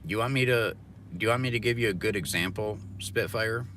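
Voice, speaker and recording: A man's voice: on the low side, fairly quick, fairly bright tone, slight background noise. A man ranting profanely and philosophizing from his car during a casual livestream. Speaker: livestreaming delivery driver.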